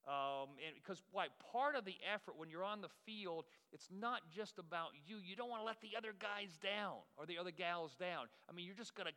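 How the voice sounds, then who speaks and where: Pastor guy preaching, folksy and joking at himself, bright voice, big echoey church. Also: sits high, fairly quick, hardly any pauses. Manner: folksy, self-deprecating storyteller. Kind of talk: sermon. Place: church sanctuary.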